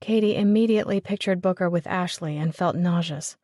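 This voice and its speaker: A woman narrating a romance audiobook in a steady, even storytelling voice. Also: lowish voice, a little fast, no room sound, studio quality. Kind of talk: scripted narration.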